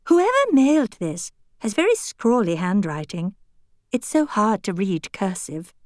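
A woman's voice: mid-range voice, very animated, unhurried, a little mellow, no room sound, studio quality. A woman voicing an earnest, exclamatory young girl doll in a storybook.

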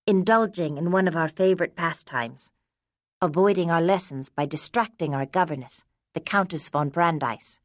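A woman narrating a first-person story in a measured, elegant storytelling manner. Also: on the low side, dry recording, studio quality. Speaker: audiobook narrator.

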